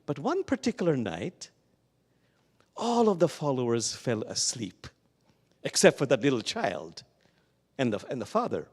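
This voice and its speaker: A man's voice: mid-range voice, wildly swooping pitch, slightly rough. Man preaching in a reverberant hall. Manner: slow, lingering emphasis on key words. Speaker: guest speaker at a Sunday service. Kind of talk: sermon with storytelling. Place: church sanctuary. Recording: long reverb of a large hall.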